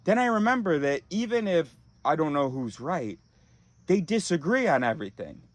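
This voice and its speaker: A man's voice: on the high side, very animated, normal speed, no echo. A man ranting in a profane, exasperated monologue, recorded in a car. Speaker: vlogger.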